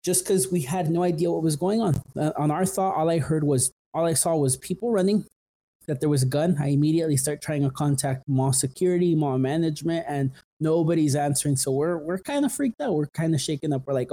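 A man's voice: a little high, brisk, warm tone. A young man from the San Fernando Valley in California, telling a story in a rambling, casual way full of "like" and "um" as a podcast host. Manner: rambling, full of "like" and "um", restarts often.

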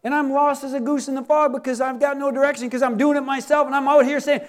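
A man's voice: very high voice, level tone, quick pace, hardly any pauses. A middle-aged man preaching a sermon as pastor, folksy and joking, acting out little scenes.

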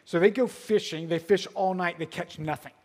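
A man giving a sermon as a pastor, telling the story casually with filler words and swinging between loud emphasis and hushed moments. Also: sits high, moderate pace, big-room sound.

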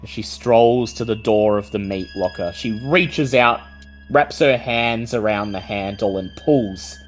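Woman gm, super deep voice, slow creepy narration, soft music under it. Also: poor audio. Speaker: game master. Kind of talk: narrating a tabletop horror game. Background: faint music.

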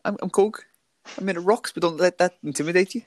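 A man voicing a friendly, gentle male rock creature with an attempted New Zealand accent, pitched well above his own voice. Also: fast talker, slight background noise, natural voice.

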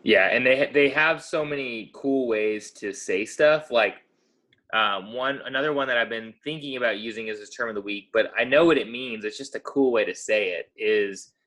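A man's voice: mid-range voice, moderate pace, fairly bright tone. An American man co-hosting a podcast, rambling and correcting himself as he chats. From United States. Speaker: podcast co-host. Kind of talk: casual podcast chat.

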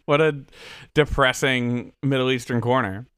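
A woman's voice: very deep voice, a little slow, a bit bright, smooth, no echo. A woman co-hosting a podcast who breaks in with dry, wisecracking remarks. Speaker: podcast co-host. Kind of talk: casual podcast chat.

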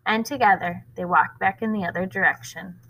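A woman reading a novel aloud at a school, expressive and pausing to explain the story to listeners. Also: mid-range voice, noisy background.

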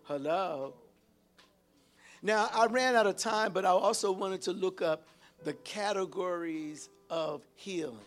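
An older man with a notably high voice delivers an animated sermon. He keeps calling out to his listeners and bursts into sudden exclamations. Faint music plays underneath. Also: unhurried. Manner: exclamatory, calls out to the congregation; lively, animated preaching with sudden shouts. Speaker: pastor.

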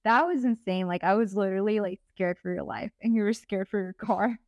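On a dull, lo-fi, dry recording, a young podcast host talks casually with a friend in a mid-range voice at a slightly quick pace. She animatedly recounts stories, acts out what she and her friend said, and laughs frequently.

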